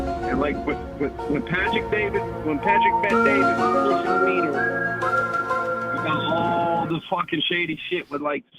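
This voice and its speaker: A man from the United States calling in to a show, rambling and swearing, ending nearly every sentence with "man". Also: a little high. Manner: rambling, profane, repeats "man" constantly. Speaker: caller. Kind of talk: casual call-in chat. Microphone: phone. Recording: tinny phone line with loud noise.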